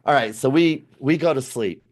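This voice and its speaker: A man in his fifties, a podcast guest telling a family travel story in a casual, animated way, acting out what people said. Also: mid-range voice, moderate pace. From United States. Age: 50s.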